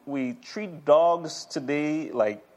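A man preaching a Bible teaching in a relaxed, conversational way, with asides and frequent repeated words. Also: a little high, drawn-out words. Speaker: pastor. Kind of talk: sermon teaching.

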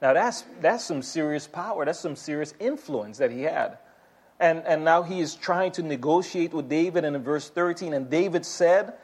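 A man teaching a sermon in a loose, conversational way. His voice sits a little high, and he often restarts and repeats words as he explains a passage. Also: measured pace, a little mellow. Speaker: pastor.

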